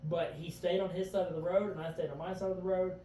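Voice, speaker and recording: High-voiced and fast, with a dark tone and little pitch movement, a man earnestly recounts events in vivid detail as a casual podcast guest. "I remember" often opens his stories. He's recorded far from the mic in an echoey room with a faint background hum.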